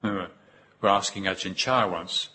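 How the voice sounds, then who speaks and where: A man giving a Buddhist dharma talk, unhurried and reflective, with pauses and repeated phrases. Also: sits low, bright, forceful tone, breathy edge. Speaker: Buddhist teacher.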